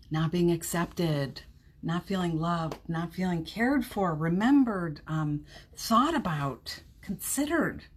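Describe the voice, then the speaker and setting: Slow, husky-voiced woman hosting a live podcast. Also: lowish voice. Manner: warm, chatty, laughs often, reads viewer comments aloud. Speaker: podcast host. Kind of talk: live-streamed motivational chat. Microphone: streaming setup at home.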